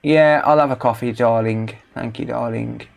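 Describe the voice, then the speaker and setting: Brief: Midlands man, mid-pitched, banters and swears while doing repairs on a live stream. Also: fairly even intonation, moderate pace, vocal fry. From English Midlands. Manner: joking, bantering, swears freely. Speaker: electronics repair livestreamer. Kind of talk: casual livestream chat while working.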